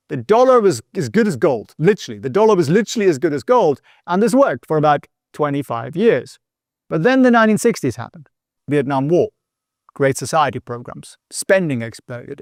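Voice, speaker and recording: Chatty man with a slightly high voice. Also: no room sound, studio quality. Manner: chatty, joking asides, frequent tag questions. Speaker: host. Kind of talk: explanatory history lesson to camera.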